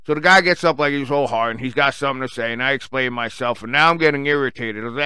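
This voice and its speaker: A man's voice: medium pitch, fast talker, few pauses, sharp tone, smooth, no echo. Angry profane man ranting. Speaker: storyteller.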